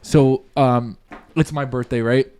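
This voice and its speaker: A man's voice: mid-range voice, steady tone, unhurried, a little mellow, smooth. A man hosting a podcast, telling a story in casual chat and laughing often. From Canada. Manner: laughs often, tells stories with quoted voices. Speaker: podcast host.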